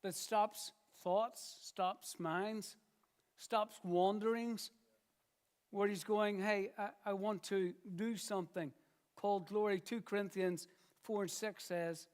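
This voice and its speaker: A man with a high voice preaching in church. He speaks earnestly and stretches out key phrases with slow pauses, repeating them for emphasis. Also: fairly even intonation, clear, resonant tone. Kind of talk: sermon.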